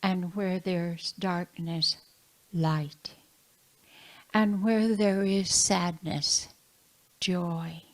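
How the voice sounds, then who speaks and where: Casting: woman reader, very slow and solemn, a little low-pitched. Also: steady tone, poor audio. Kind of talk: reading a prayer aloud.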